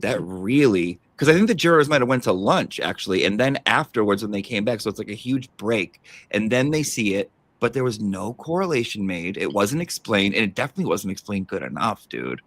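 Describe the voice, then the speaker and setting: A man hosting a casual podcast chat, talking in an animated, profane way and acting out what people might say. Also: lowish voice, brisk, hardly any pauses, no echo. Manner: animated, profane, acts out quotes. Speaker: podcast host.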